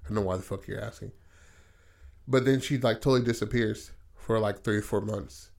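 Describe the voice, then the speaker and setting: Profane laid-back man pitching a story. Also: steady tone, fairly quick, vocal fry, darkish tone. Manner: loose, profane, acts out characters' lines. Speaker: podcast host. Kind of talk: casual storytelling, pitching a film idea.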